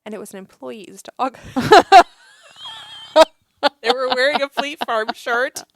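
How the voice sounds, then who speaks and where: A woman co-hosting a podcast from Iowa, telling a story in a lively casual way, acting out what people said and laughing often. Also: high-pitched, slow pace, dry recording, studio quality. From Iowa, USA. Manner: animated storyteller, acts out quotes, laughs often. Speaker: podcast co-host.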